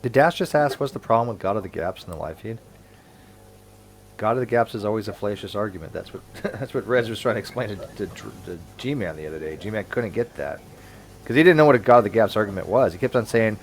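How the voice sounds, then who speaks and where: A man's voice: lowish voice, animated, fast, a little hiss or hum. A man hosting a casual online hangout, rambling and stumbling over restarts as he talks. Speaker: livestream host.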